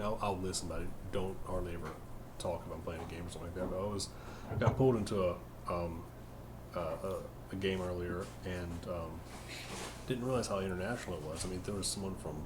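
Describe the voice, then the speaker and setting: A man with a fairly low voice chats hesitantly on a podcast, filling his pauses with ums. A steady background noise sits under the recording. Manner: hesitant, many ums, chuckles often. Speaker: podcast co-host. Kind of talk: casual chat.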